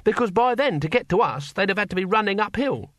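A man's voice: sits high, lively intonation, a little fast, a bit bright, no echo, clean studio sound, pitched above the performer's own voice. A man voicing a cheerful, shrewd old barbarian leader who talks in a folksy way. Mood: hearty. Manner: hearty, folksy.

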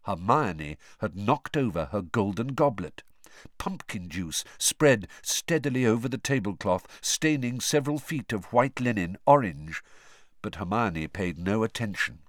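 Brief: male audiobook narrator, lowish voice with lively pitch, dry close sound. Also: a little slow, no echo. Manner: expressive storytelling. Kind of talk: scripted narration.

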